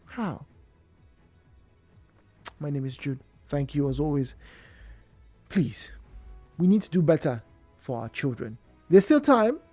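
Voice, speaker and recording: Animated Nigerian woman hosting radio talk. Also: deep voice, slow pace, long pauses, faint music behind. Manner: animated storyteller, emphatic repetitions. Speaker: radio show host. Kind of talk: radio call-in talk show. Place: radio studio. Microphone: studio microphone.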